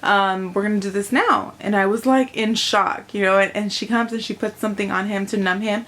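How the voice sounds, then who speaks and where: A woman's voice: mid-range voice, steady tone, brisk, a bit bright. Young woman, mom vlogger, casual to-camera talk, chatty, lots of fillers, emotional storytelling. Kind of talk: casual vlog monologue.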